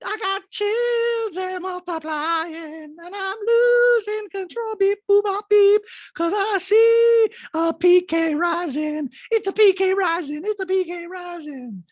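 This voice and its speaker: A man voicing a shrill, giddy rich woman who squeals and breaks into sing-song nonsense sounds. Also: lively intonation, normal speed, creaky, hardly any pauses, a bit bright, full character voice. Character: shrill giddy rich woman gushing about her husband.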